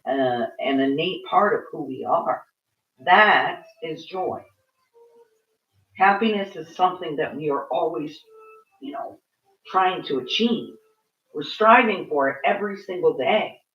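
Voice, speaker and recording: A woman ranting casually and frankly to camera, swearing freely as she vents. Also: low-pitched. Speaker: vlogger. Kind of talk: casual rant. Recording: roomy, distant, dull sound.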